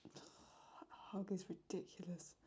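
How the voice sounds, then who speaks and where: A young woman chatting excitedly and mocking herself while she reacts to videos as host of her channel. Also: lowish voice, takes it slowly, over loud music. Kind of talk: casual reaction commentary.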